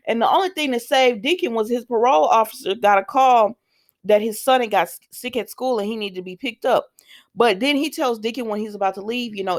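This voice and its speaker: A woman's voice: medium pitch, lively intonation, fairly quick. A woman hosting a casual soap opera recap, chatty and full of fillers and asides as she retells the scenes.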